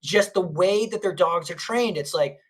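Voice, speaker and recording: A podcast co-host in casual chat, telling stories in an animated, rambling way. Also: medium pitch, moderate pace, slightly rough.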